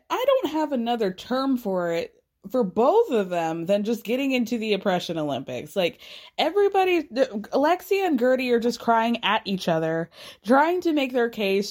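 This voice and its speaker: A woman's voice: a little high, a little mellow. A woman recapping a reality show in casual chat, opinionated and full of "like" fillers, with some casual swearing. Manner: opinionated, chatty, lots of "like" fillers.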